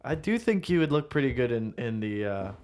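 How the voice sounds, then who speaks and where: A young man in casual conversation, ribbing his friends with dry teasing. His voice sits at a mid pitch. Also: very animated, fairly quick, a little mellow. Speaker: podcast co-host. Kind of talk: casual chat.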